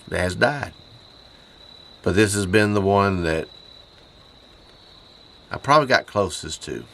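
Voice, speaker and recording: A grieving man hosting his homestead channel, choked up, with a hoarse voice and halting speech full of pauses and repeats. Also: expressive, a bit bright, slight background noise. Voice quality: hoarse, voice lower than usual. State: choked up from grief. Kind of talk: grieving personal vlog. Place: farm in the Appalachian mountains, outdoors.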